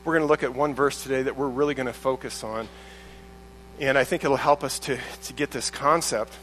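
A man's voice: medium pitch, fairly even intonation, a little fast, fairly bright tone, slight background noise, rough recording. A man preaching a sermon as a pastor, in a conversational way with many restarts and acted-out quotes.

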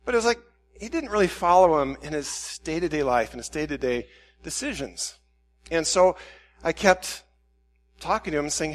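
A man's voice: on the high side, lively intonation, normal speed. A man preaching a sermon in a conversational way, acting out prayers and quotes with rising intensity. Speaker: pastor.

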